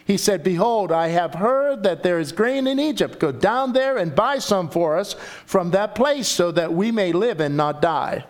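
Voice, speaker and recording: A man preaching a sermon and reading scripture aloud, animated and acting out the story's voices. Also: high-pitched, unhurried, few pauses. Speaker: pastor.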